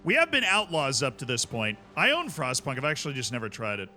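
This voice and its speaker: A man streams a strategy game, talking loosely to his chat and poking fun at himself. His voice sits at an ordinary middle pitch with a very bright, forward tone. He is heard up close through a headset mic. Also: huge pitch swings, quick pace, faint music behind. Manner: chatty, self-mocking, talks to chat. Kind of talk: livestream gaming commentary.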